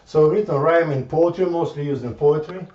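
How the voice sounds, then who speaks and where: A man giving an informal math lecture, halting and repeating words as he thinks aloud at the board. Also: fairly high pitch, darkish tone. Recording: echoey room from far off, dull lo-fi sound.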